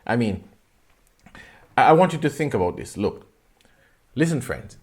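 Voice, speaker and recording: A man's voice: medium pitch, big pitch swings, unhurried, darkish tone. A man preaching a sermon with passion, asking his listeners pointed rhetorical questions and repeating phrases for emphasis.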